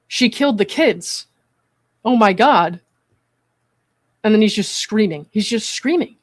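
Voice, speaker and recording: A measured, earnest commentator talks at a middle pitch, often pausing to check in with the listener. The sound is dry and close, with no room around it. Their delivery moves steadily between reading a transcript and giving their own view. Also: lively intonation, dry recording. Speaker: psychiatric evaluator hosting a commentary stream.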